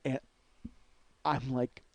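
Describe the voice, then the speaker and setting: Speaking extremely slowly in a flat, mid-range voice with vocal fry, a middle-aged podcast host recounts a heated personal story. The audio has no room sound, and his monologue is full of profanity, with quotes loudly performed.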